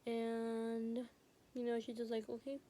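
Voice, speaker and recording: A woman's voice: on the high side, monotone, slow, dark tone. A teenage girl vlogger telling a school story in casual storytime chat, rambling with lots of fillers, recorded on a phone. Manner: rambling, heavy use of fillers like "like" and "you know". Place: home, recording while doing nails.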